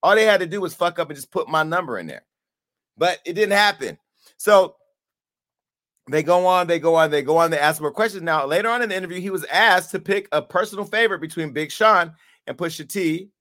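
A man hosts a casual commentary and riffs playfully, with some swearing. His voice sits a little high. He has an easy, loose delivery. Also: lively intonation, a little fast, fairly bright tone. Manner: playful, profane riffing. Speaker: commentary host.

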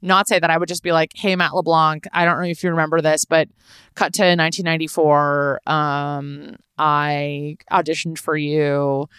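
A woman in her thirties from Los Angeles, chatting on a podcast and telling a lively, swearing story. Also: low-pitched, normal speed, clear, resonant tone, no echo, clean studio sound. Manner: animated, swearing, laughing storyteller. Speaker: podcast host. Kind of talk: casual storytelling chat.

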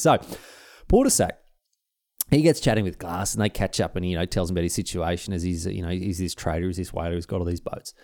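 A man's voice: on the low side, no room sound, clean studio sound. A man with an Australian accent telling a history story in a casual, conversational way. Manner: animated, conversational, with restarts. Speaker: history podcast host.

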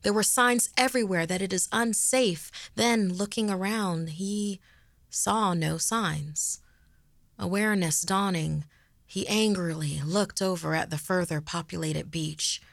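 Woman, horror narrator, half-whispered, low voice, close and dry. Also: measured pace, gravelly, no room sound. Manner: hushed, half-whispered delivery. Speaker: horror story narrator and host. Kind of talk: scripted narration.

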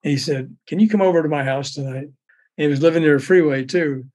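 An older man tells a story in a loose, rambling way, often restarting sentences and breaking into laughter. His voice sits a little high for a man. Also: a little fast, a little mellow. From raised in Memphis. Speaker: storyteller guest. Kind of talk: casual anecdote telling.

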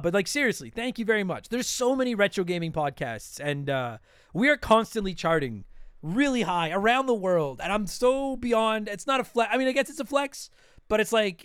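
A man's voice: sits high, a bit bright, clear, resonant tone, no room sound. A man hosting a podcast, signing off casually with an irreverent, swearing manner and rattling off long lists of names. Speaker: podcast host.

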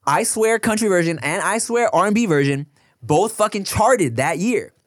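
A man's voice: sits high, moderate pace, dry recording, clean studio sound. A young man co-hosting a casual podcast, telling stories with swearing and frequent laughter. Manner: laughs a lot, swears, animated storytelling. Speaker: podcast co-host, musician. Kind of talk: casual chat.

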